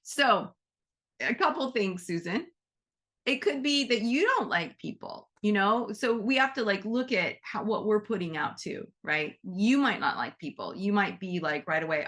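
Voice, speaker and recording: A woman hosting an online session on animals, talking in a chatty, animated way and often acting out quoted thoughts. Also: mid-range voice, normal speed. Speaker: host and animal Reiki teacher. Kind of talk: casual online session talk.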